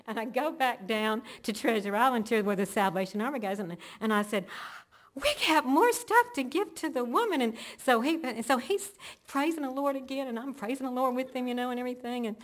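A woman's voice: a little high, fairly quick. A woman telling an earnest, emotional personal faith testimony, linking events one after another. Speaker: church member giving testimony.

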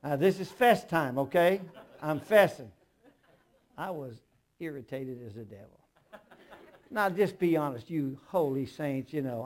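An older pastor preaches a sermon, moving between hushed storytelling and loud, emphatic bursts, with humorous asides along the way. His voice sits on the high side and sounds animated, his pace a little slow, and a faint crowd can be heard.

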